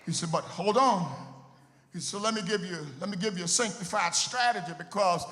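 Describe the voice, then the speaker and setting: A middle-aged pastor, preaching a sermon in a sing-song cadence that swells into shouts, repeating words for emphasis. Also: male voice, high-pitched, moderate pace, slight background noise. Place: church sanctuary. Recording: long hall reverb with faint music.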